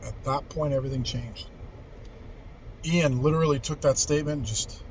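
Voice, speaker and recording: A man's voice: mid-range voice, fairly even intonation, moderate pace, darkish tone, a little hiss or hum, low-quality recording. A man in his forties casually telling a story from his youth, rambling and candid, with frequent swearing and restarts. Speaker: vlogger telling life stories.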